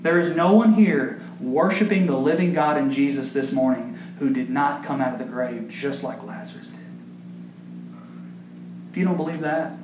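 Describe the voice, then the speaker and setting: Recorded in a reverberant church sanctuary with a little background noise, this sermon comes from a pastor speaking at normal speed in a mid-range voice. He builds to emphatic peaks and poses questions to the congregation.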